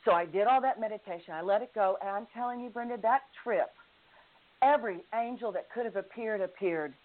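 A woman's voice: mid-range voice, fairly quick. Earnest woman guest over a phone line. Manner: earnest storytelling with laughs. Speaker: guest author.

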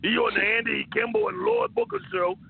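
A man playing a rowdy, boozy old uncle on a radio talk show, gravelly and stammering, shouting out bawdy jokes. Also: extremely high pitch, very animated, a little fast, a little hiss or hum, full character voice. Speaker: regular comic character. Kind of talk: comic radio call-in bit. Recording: tinny phone-line radio audio.

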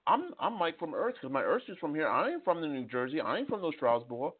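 A man's voice: on the high side, big pitch swings, brisk, husky. A man in his fifties preaching fervently on a call, often repeating words and restarting his sentences. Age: 50s. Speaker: participant. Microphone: phone call. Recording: tinny phone line.

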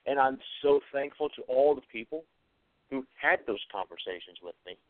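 A man's voice: medium pitch, animated, moderate pace, dry recording. A man hosting a show, speaking in an earnest, reflective solo monologue, with short repeated phrases and frequent hesitations. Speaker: host of an atheist commentary show. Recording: tinny phone-like sound, dry.

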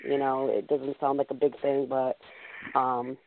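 A woman's voice: a bass voice, level tone, measured pace, a little hiss or hum. Chatty woman host on a tinny phone line. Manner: chatty, many fillers and "you know"s. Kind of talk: casual call-in show chat.

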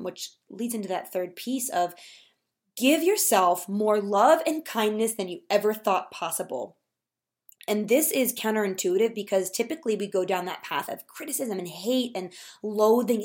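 Encouraging woman podcast host, unscripted. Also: mid-range voice. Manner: warm, encouraging, repeats herself while searching for words. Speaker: podcast host and food coach. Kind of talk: solo podcast talk.

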